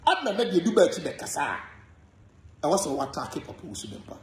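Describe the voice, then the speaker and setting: A Ghanaian man talks fast and hot in an animated, repetitive rant about gossip. His voice sits high and leaps up and down from phrase to phrase. The room gives it a clear echo. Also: slight background noise. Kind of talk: heated gossip monologue.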